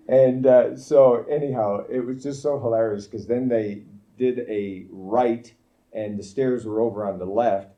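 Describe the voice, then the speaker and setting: A man's voice: mid-range voice, normal speed, mellow. A man preaching at a camp meeting, telling a family story in an anecdotal way, full of fillers and restarts. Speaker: guest preacher. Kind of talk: storytelling sermon. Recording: dull lo-fi recording.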